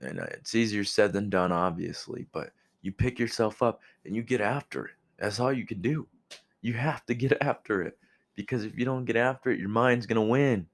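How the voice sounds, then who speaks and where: A young man giving a casual motivational monologue, blunt and profane, animated as he talks. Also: lowish voice, moderate pace. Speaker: vlogger.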